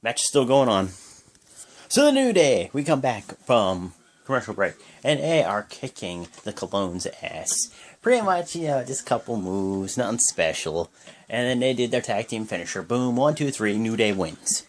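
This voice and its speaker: Recapping a wrestling show play by play, this man rambles casually and strings events together with "and then" and "pretty much." His pitch swings widely at a moderate pace and leaps higher whenever a big move lands.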